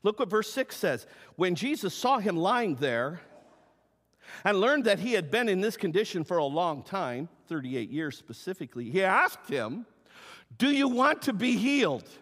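A man's voice: high voice, normal speed. A man preaching a sermon as pastor in a church, acting out the story's characters. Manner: animated, acts out the story's characters. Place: church sanctuary. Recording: long hall reverb.

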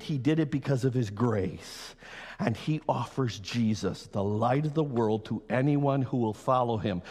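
Fervent male pastor in a reverberant hall. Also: medium pitch. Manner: swings from loud fervent preaching to slow quiet emphasis. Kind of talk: sermon. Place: church hall.

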